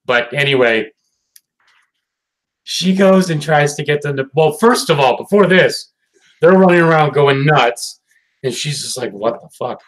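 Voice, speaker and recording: A man's voice: fairly high pitch, measured pace, long pauses, fairly bright tone, rough recording. Tired, rambling man in a casual chat. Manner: rambling, swears often, many fillers and restarts. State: tired, yawning late at night. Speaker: podcast co-host reviewing a cartoon episode.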